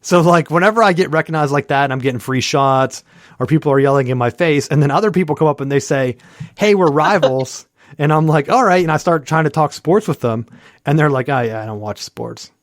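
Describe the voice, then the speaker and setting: Higher-voiced man telling a rambling story. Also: fast talker, dry recording, clean studio sound. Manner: rambling storyteller acting out quoted people; heavy use of "like" and fillers. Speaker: podcast co-host. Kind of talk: casual sports chat.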